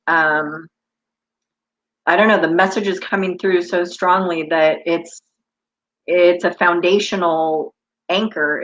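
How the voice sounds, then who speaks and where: Woman, 50s, from the United States, intuitive coach, casual live-stream chat, rambling spiritual tangents, lowish voice. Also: rough recording. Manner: chatty, tangent-prone, spiritual.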